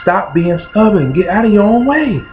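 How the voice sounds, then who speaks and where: Here the host, a Kentuckian with a local accent, delivers rhythmic, repetitive motivational preaching at normal speed. He sounds high-pitched and very animated, over background music in a dull, lo-fi recording.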